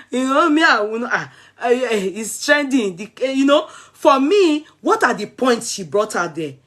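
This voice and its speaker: With a Nigerian accent, a woman vlogs about celebrities in a casual, emphatic, chatty way, moving freely between English, Yoruba and Pidgin. She speaks at a normal speed with few pauses, in a fairly high, fairly bright and very animated voice.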